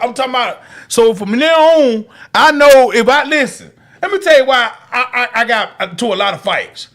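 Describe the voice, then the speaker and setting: A man co-hosting a podcast, telling profane, animated childhood stories in casual chat. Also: very high voice, moderate pace. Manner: animated, profane storytelling with frequent restarts and laughter. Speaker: podcast co-host.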